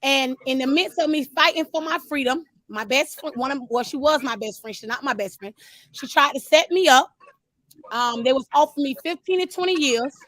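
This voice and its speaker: A high-pitched woman speaking tells her own story in an animated, casual way and keeps calling out to her listeners. The sound is dry and close, with little room in it. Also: brisk, no room sound. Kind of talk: casual testimony.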